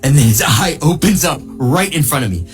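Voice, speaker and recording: A man, a missionary, telling a testimony in an animated storytelling way, leaping high in pitch when he acts out what people said. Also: normal speed, faint music behind. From United States. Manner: excitable, jumps high when quoting people, laughs through the telling.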